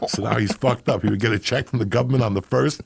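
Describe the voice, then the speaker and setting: A middle-aged man telling a rough, profane story as a podcast guest. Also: medium pitch, steady tone, fast talker, no room sound.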